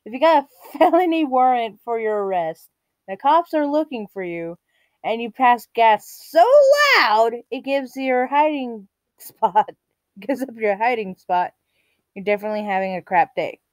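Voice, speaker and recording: A woman's voice: fairly high pitch, lively intonation, a little slow, no room sound. A young woman vlogger casually reading internet posts aloud, giggly and often breaking into laughter.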